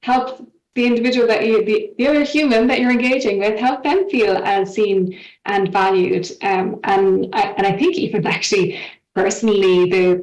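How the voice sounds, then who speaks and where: A woman's voice: medium pitch, a little mellow. A woman on a work panel, speaking in a hesitant, reflective way with many fillers. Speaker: panel guest. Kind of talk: panel discussion. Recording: roomy, distant from the mic.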